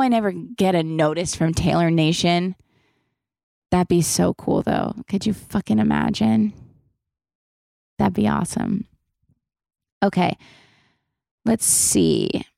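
A woman's voice: fairly low pitch, gravelly, a little mellow, dry recording, studio quality. A young woman hosting a casual podcast Q&A, chatty and loose, swearing freely and saying "like" a lot. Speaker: podcast host. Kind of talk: casual Q&A chat.

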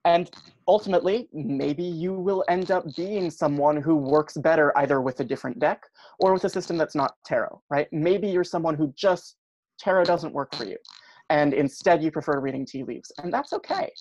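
A man's voice: a little high, moderate pace, darkish tone, dry recording, highs cut off. A man, a podcast guest, chatting casually and explaining at length with many ums and you-knows. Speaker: podcast guest, tarot practitioner.

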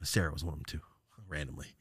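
A man's voice: extremely low pitch, fairly even intonation, fast talker, fairly bright tone, husky, no room sound, studio quality. A man hosting a podcast, telling a rambling, profane story in casual chat. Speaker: podcast host.

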